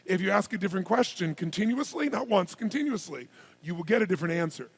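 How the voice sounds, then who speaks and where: A man giving a live seminar address as a motivational speaker, firing rapid questions and commands at the audience. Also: high-pitched, animated. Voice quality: gravelly, husky voice.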